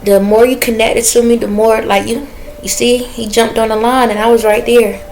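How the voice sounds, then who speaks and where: A woman's voice: on the high side, flat delivery, normal speed, darkish tone. A woman talking in a casual spiritual vlog, rambling and chatty, stopping now and then to listen before speaking to her viewers. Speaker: spiritual reader.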